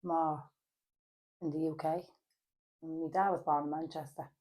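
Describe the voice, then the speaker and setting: This Irish podcast guest, a Dublin woman with a deep voice, talks at a measured pace during a casual chat. She sounds hesitant and leans on many fillers, but becomes animated when she tells stories.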